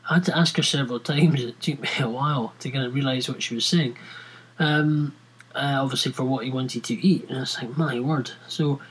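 Husky Scottish man ranting casually. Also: medium pitch, low-quality recording. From Scotland. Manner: rambling, with many restarts and fillers. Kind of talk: casual rant to viewers.

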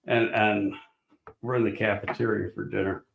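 A man's voice: fairly low pitch, flat delivery, moderate pace, vocal fry, phone-quality sound, a little hiss or hum. Blunt older man telling stories, echoey room. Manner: blunt, rambling storyteller with restarts and swearing. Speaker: guest, former football scout. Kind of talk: casual storytelling chat.

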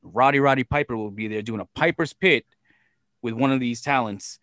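A man's voice: mid-range voice, moderate pace, no room sound. A man casually telling a long story and acting out the other people's lines, swearing often. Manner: profane, animated, acts out quoted voices. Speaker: podcast guest telling stories.

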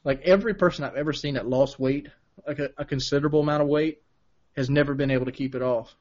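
A man's voice: medium pitch, fairly even intonation, quick pace, a little mellow, dull audio. A man hosting a casual podcast, asking questions in a teasing, joking way. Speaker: podcast host.

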